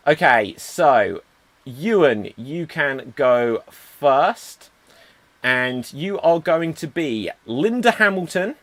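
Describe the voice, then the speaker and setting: A man's voice: fairly high pitch, very animated, slow pace, a bit bright, no room sound. A man hosting a streamed improv show, announcing games and reading comments. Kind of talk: livestream hosting.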